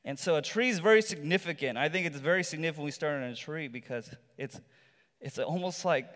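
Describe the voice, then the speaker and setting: A man's voice: a little high, brisk, fairly bright tone. Man preaching in a reverberant hall. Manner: conversational storytelling with rhetorical asides. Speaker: pastor. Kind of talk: sermon. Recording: long reverb from a large hall.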